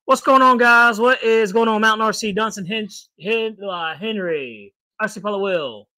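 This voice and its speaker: A man's voice: sits high, moderate pace, bright, forceful tone, no echo. A man co-hosting a casual live podcast, upbeat and chatty, greeting viewers by name and laughing easily. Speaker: podcast co-host.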